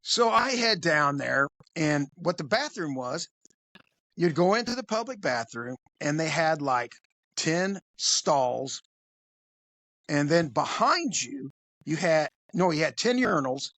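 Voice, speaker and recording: A man, a police officer, telling a crude story in an animated, conversational way. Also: a little high, takes it slowly, no echo. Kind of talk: casual storytelling.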